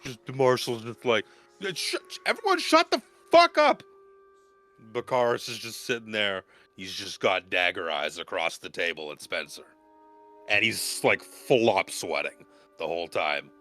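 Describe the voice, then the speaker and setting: A man narrating as game master of a tabletop game, telling the story in an animated, expressive way. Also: deep voice, moderate pace, faint music behind.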